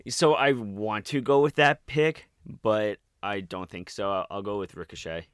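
A man co-hosting a casual podcast who hesitates and thinks out loud before his picks. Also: fairly low pitch, unhurried, clean tone, no room sound, studio quality. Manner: hesitant, thinks aloud with ums and sighs. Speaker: podcast co-host. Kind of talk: casual wrestling podcast chat.

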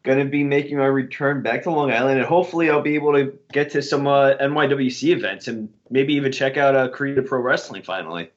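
A man co-hosting a podcast in casual chat, relaxed and easygoing with some fillers. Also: medium pitch, quick pace, few pauses. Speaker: podcast co-host. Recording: dull lo-fi recording.

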